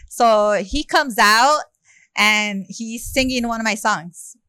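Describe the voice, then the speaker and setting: Lively Los woman telling a story. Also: a little high, slow pace, smooth, dry recording. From South Central Los Angeles. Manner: lively, acts out quoted dialogue, many "you know" and "like" fillers. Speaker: rapper, interview guest. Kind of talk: casual storytelling in an interview.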